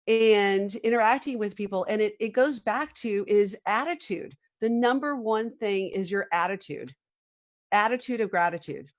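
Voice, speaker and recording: A woman's voice: medium pitch, normal speed. A woman hosting a podcast interview, chiming in with enthusiastic, affirming remarks. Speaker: podcast host. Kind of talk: interview conversation.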